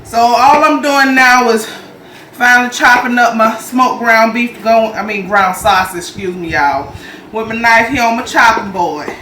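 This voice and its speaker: Cooking casually at home, this Southern-accented host from Jacksonville, Florida, talks straight to "y'all" in a chatty, folksy way while demonstrating a recipe step by step. The mid-range voice is bright, forceful and measured, picked up off-mic in a roomy kitchen with a faint hum.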